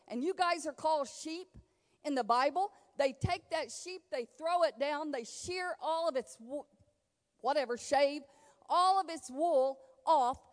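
A woman's voice: high voice, big-room sound. A woman pastor preaching a sermon in a church, emphatic and folksy, acting out quoted dialogue. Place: church sanctuary.

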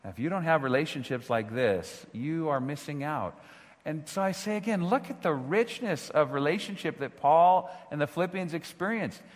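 Brief: male pastor, sermon delivery, slightly higher voice, long church reverb. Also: animated, normal speed. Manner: earnest preaching, rhetorical questions, swings from hushed to shouting.

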